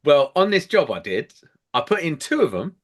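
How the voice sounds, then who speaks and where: A man telling a sweary, animated story as a podcast co-host. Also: a little high, moderate pace. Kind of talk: casual chat, ranting anecdote.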